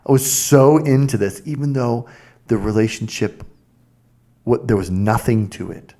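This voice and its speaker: Gravelly-voiced man, blunt and candid. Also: medium pitch, measured pace. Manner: candid, blunt, animated storytelling. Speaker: podcast co-host. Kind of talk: casual faith chat.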